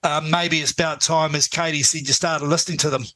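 Earnest New man, bright voice. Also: on the high side, steady tone, brisk, dry recording. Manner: earnest, rambling with many restarts. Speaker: lawyer guest. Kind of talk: casual radio chat.

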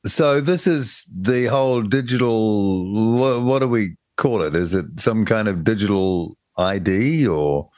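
Jokey New radio host. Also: male voice, on the low side, a little slow, hardly any pauses, a little mellow, no echo. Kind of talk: casual radio hosting.

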